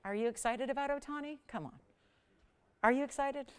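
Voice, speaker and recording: A woman hosting a live home shopping show, pitching jewelry deals in a chatty, energetic way with sudden loud bursts. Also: brisk, slight background noise.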